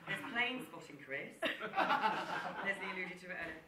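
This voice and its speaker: A woman's voice: fairly low pitch, expressive, moderate pace, heavy background noise. Woman giving a wedding speech. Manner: joking, warm toast, laughing through stories. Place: large room at a wedding reception. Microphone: far camera. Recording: echoey hall, distant camera, loud chatter.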